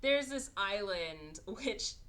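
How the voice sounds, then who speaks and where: A woman's voice: medium pitch, lively intonation, takes it slowly, bright, forceful tone. A woman podcast host in casual chat, sarcastically recapping a movie and acting out its characters in exaggerated voices.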